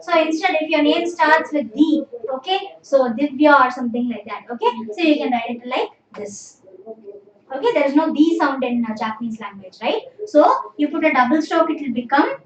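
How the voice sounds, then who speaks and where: A woman's voice: high voice, animated, moderate pace, highs cut off. A woman teaching a language class, patient and drilling students, saying "okay" constantly. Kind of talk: live online class. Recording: echoey room, distant mic, faint noise.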